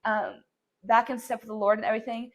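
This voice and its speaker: Young woman, podcast host, earnest, encouraging, slightly high-pitched. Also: flat delivery, quick pace. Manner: earnest, encouraging, says "like" often. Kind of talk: faith podcast conversation.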